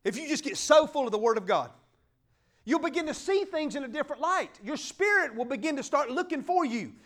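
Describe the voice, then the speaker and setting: Fervent high-voiced preacher man. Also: animated, a little fast. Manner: fervent, emphatic, swings from loud declarations to quiet asides. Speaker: pastor. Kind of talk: sermon.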